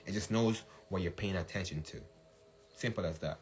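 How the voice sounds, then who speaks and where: A man hosting a casual livestream talk, animated, laughing often and shouting when he acts out hype, with faint music behind. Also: low voice, moderate pace. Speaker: podcast host.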